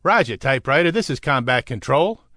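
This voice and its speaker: A man's voice: mid-range voice, expressive, fairly quick, sharp tone, dry recording, clean studio sound. A man doing a clipped Bronx radio controller. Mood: businesslike. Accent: New York (Bronx).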